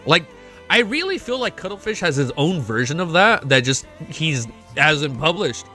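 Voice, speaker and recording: An excitable young man chats on a casual live stream, swearing freely and saying "dude" a lot. His voice is bright and forward. Faint music plays quietly behind him. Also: on the high side, normal speed. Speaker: streamer reacting to a web novel.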